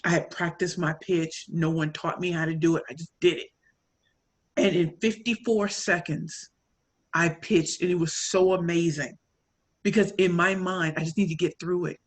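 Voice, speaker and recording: A woman from St. Louis with a St. Louis accent, telling a story and coaching in an animated, audience-directed way. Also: lowish voice, normal speed. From St. Louis, Missouri. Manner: animated, addresses audience as y'all, acts out quoted lines. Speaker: pitch coach and speaker. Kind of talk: motivational talk, storytelling.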